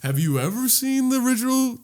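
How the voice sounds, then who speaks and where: High-voiced teasing man on a comedy podcast. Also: big pitch swings, brisk, a little mellow, slight background noise. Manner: teasing, profane, laughs a lot. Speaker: podcast co-host. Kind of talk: casual comedic banter.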